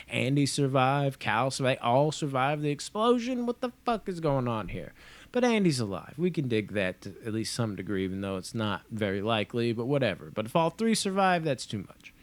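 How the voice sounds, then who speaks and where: A young man giving a casual spoken review of a TV episode, rambling and offhand, with frequent swearing. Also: medium pitch. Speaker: movie and TV reviewer.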